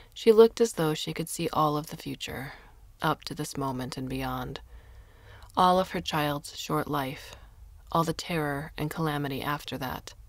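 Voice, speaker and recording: A woman narrating a short story in a measured storytelling manner into a close mic. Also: low voice, no room sound. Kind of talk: scripted narration.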